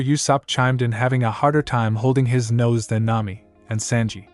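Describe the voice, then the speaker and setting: A man's voice: medium pitch, fairly even intonation, moderate pace, faint music behind. A man reading fan fiction aloud, keeping the characters' lines close to his own voice. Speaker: fanfic narrator.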